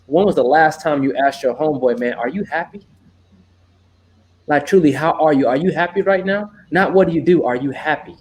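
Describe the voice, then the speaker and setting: Husky man asking reflective questions. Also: on the high side, brisk, few pauses. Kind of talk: casual podcast chat.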